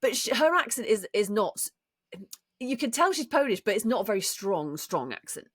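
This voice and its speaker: A woman's voice: mid-range voice, big pitch swings, moderate pace, breathy edge, no room sound, clean studio sound. A woman co-hosting a podcast and talking casually about voice acting, with lots of restarts. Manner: chatty, many restarts, explains with enthusiasm. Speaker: podcast co-host and voice actor. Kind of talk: casual chat.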